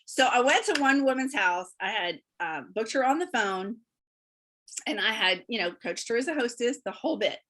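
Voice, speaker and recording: A woman guest on a remote interview, telling lively stories about her work and laughing often as she talks. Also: fairly high pitch, moderate pace. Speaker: guest, beauty consultant. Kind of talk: casual storytelling interview.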